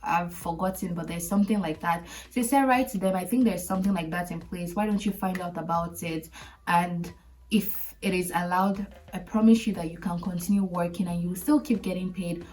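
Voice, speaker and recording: A woman's voice: fairly low pitch, fairly quick. A young woman hosting a podcast, animatedly telling a personal story and acting out the people in it. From Canada. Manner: animated, acts out quoted voices, laughs often. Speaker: podcast host. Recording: voice a bit far from the mic, faint music behind.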